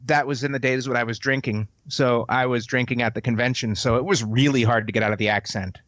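A man's voice: medium pitch, fairly even intonation, quick pace, fairly bright tone, no room sound. Host guy asking questions and telling stories, repeats himself, kinda muffled dry audio. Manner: prompting, storytelling, repeats words. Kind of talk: casual chat about tabletop games.

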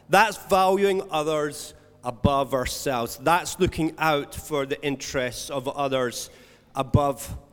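A man preaching a sermon as pastor, earnest, swinging between loud stressed words and soft, slowed emphasis. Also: fairly high pitch. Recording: long hall reverb.

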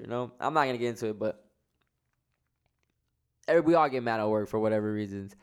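A man's voice: medium pitch, clear, resonant tone. A man hosting a solo podcast, talking in a rambling, profane, slang-heavy way while stoned. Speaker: podcast host. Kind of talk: casual solo podcast monologue.

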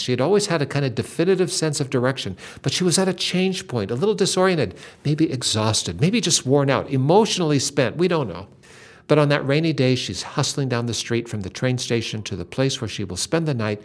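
A man's voice: medium pitch, animated, a little fast. An older man hosting a Christian talk, earnestly retelling a story with dramatic emphasis. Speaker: Christian podcast host.

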